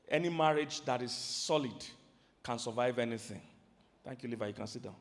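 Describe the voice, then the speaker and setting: A man with a Nigerian accent preaching a sermon to a congregation, emphatic, swinging between loud calls and low asides and quizzing the crowd. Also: a little fast, big-room sound. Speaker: pastor. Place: large church hall.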